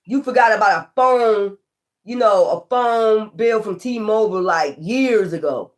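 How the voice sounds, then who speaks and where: A woman tarot reader ranting casually to her viewers, profane, animated and exasperated. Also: medium pitch, a little slow.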